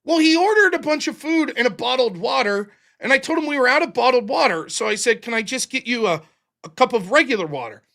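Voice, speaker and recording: A man's voice: very high-pitched, animated, a little fast, creaky, sharp tone, pitched above the performer's own voice, exaggerated voice. A man quoting a flustered teenage girl who works a drive-thru, while telling a story. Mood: upset. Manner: flustered, near tears.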